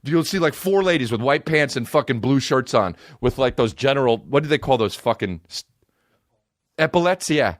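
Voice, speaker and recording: Male comedian host, profane ranter, lively pitch, dry close sound. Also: normal speed, no echo. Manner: profane, animated, swings between loud outbursts and low mutters. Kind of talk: ranting comedic monologue.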